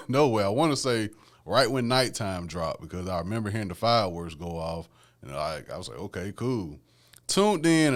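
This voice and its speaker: Easygoing podcast guy, kinda low voice, just chatting about music. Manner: laid-back, conversational, frequent "man" and "you know what I'm saying". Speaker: podcast host. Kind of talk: casual solo music commentary.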